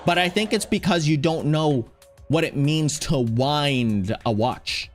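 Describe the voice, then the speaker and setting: Guy streamer rambling and joking with chat, kinda high voice, goes loud and hyped sometimes. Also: measured pace. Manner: rambling, playful, reads chat aloud; bursts into loud, high excited shouts. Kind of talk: casual livestream chat. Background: faint background music.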